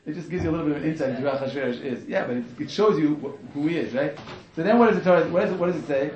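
A man teaching a lively, joking class on a religious text to students, acting out quotes with many restarts. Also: fairly high pitch, rapid-fire, roomy sound. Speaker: Torah teacher. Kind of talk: lively informal class on the Megillah.

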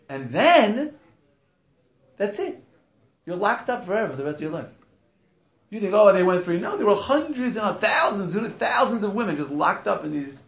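A man teaching a lively, joking class on a religious text to students, acting out quotes with many restarts. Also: high-pitched, roomy sound. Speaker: Torah teacher. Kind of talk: lively informal class on the Megillah.

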